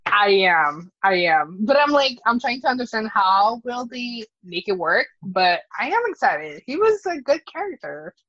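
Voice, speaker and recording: A woman's voice: a little high, very animated, moderate pace, few pauses, fairly bright tone. A woman chatting casually as a podcast co-host, talking hesitantly with lots of fillers. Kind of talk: casual TV recap chat. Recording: dry, dull lo-fi sound.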